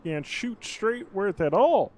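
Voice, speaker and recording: A man putting on a high, drawn-out voice to play a teasing gamer friend mocking him. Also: very animated, darkish tone, full character voice.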